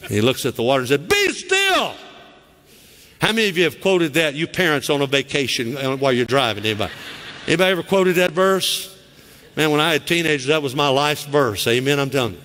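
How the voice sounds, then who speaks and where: A middle-aged man with a Southern US accent preaching a lively sermon as pastor in a church, acting out quoted voices with sharp high cries. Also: quick pace. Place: church sanctuary. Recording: church sanctuary with long reverb.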